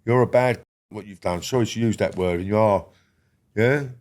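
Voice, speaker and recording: A middle-aged man, a guest in a casual podcast interview, talking bluntly with lots of swearing and often dropping to a quiet murmur. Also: normal speed. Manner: blunt and heavy on swearing, drops to a low murmur.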